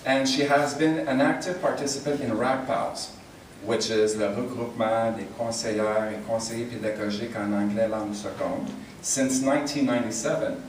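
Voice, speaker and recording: A man's voice: medium pitch, fairly even intonation, moderate pace, few pauses, slight background noise. A man reading a friendly award tribute to a colleague. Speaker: award co-presenter. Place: large convention hall. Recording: echoey hall, distant mic.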